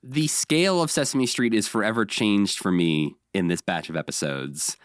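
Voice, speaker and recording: A man's voice: on the low side, moderate pace, dry recording, clean studio sound. A man co-hosting a casual podcast, recapping episodes with energy and briefly slipping into voices for the characters. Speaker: podcast co-host.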